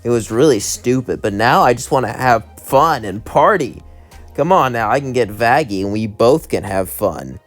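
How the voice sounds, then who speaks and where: A man's voice: medium pitch, animated, moderate pace, faint music behind, close to an everyday voice. Giddy young angel partier, bubbly and squealing, read by a man. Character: giddy party-loving young angel woman.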